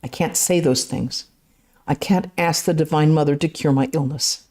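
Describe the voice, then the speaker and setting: A woman reading the lines of an ailing, elderly holy teacher who rebukes calmly and firmly. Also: deep voice, normal speed. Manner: calm, firm rebuke. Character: ailing elderly holy man, gentle but firm.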